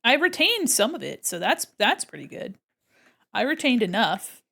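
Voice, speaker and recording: A woman's voice: a little high, big pitch swings, normal speed, vocal fry, pushed and bright. A young woman chatting casually to her livestream chat while she draws, giggling often and reading out viewer messages. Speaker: streamer.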